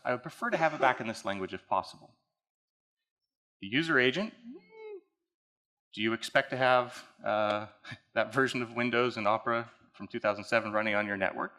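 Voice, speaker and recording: In a conference hall, a man walks the audience through a technical case study in a casual, conversational style. His voice is medium-pitched, bright and forceful.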